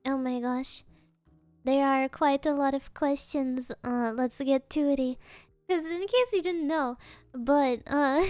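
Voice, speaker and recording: Playful woman streamer, high voice, unhurried, dry close sound. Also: darkish tone, no echo. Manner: playful, giggly, silly joking answers. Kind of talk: casual live Q&A chat.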